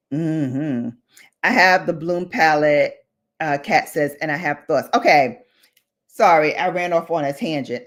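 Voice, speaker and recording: Her voice fairly low in pitch, a woman beauty vlogger chats casually on a livestream as she applies makeup, reading comments and drifting off on tangents.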